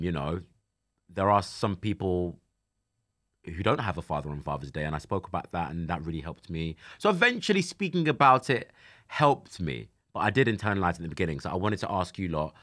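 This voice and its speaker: A man in his twenties hosting a casual chat show, lively and laughing easily, and softer when he speaks of personal loss. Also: low voice, normal speed. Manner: animated, laughs easily, turns soft and emotional when talking about grief. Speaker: podcast host. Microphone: studio microphone.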